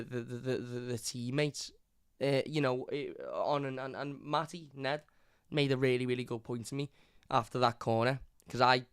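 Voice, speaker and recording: A man's voice: medium pitch, clear, resonant tone, no echo, clean studio sound. A young man hosting a live football fan review, venting in a frustrated, repetitive rant and swearing often. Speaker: football fan channel host.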